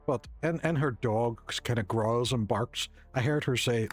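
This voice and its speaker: With faint game music underneath, a man streams a video game from his desk at home and chats in a jokey, self-deprecating way. His voice is medium in pitch, at a normal speed, with hardly any pauses.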